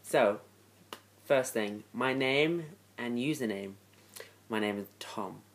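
A young man from London with a London accent, reading a word list in a casual, offhand, deadpan vlog. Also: medium pitch, slow pace. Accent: London English. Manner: offhand, deadpan, self-deprecating. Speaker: vlogger. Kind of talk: casual talking-head vlog.

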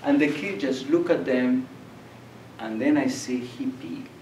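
A man's voice: mid-range voice, unhurried. Older man lecturing in echoey room. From Colombia. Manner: animated storyteller, acts out voices and laughs. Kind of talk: public lecture with storytelling. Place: lecture hall. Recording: echoey room, distant mic, faint noise.

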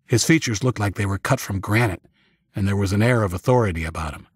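Male audiobook narrator, first-person storytelling, measured, low pitch, husky tone, dry close mic. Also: no echo.

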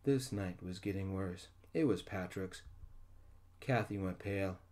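A man reading a short story aloud in a soft-spoken style, voicing every character himself. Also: deep voice, unhurried. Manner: reads all characters in one soft voice.

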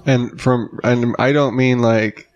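A man's voice: mid-range voice, fairly even intonation, slow pace, dull audio. A man co-hosting a podcast in casual chat, rambling and acting out little quoted asides, with the odd swear. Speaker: podcast co-host, father of four.

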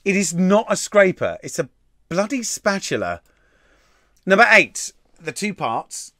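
Man, live-stream quiz host, casual swearing, slightly high pitch, dry sound. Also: very animated, a little slow, bright, forceful tone, no echo. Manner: chatty, swears casually, laughs at himself. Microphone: desk mic.

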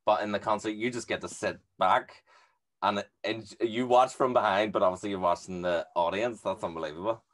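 A man hosting a podcast, asking questions in a relaxed, eager way like a fan. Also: lowish voice, fairly quick. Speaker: podcast host. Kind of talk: casual interview chat.

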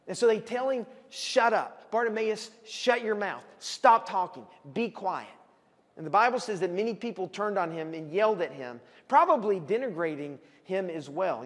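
A man, a pastor preaching a sermon and telling the story vividly, at times calling out loudly as the people in it. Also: sits high. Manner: animated storytelling, acts out shouting voices. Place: church hall. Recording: long hall reverb.

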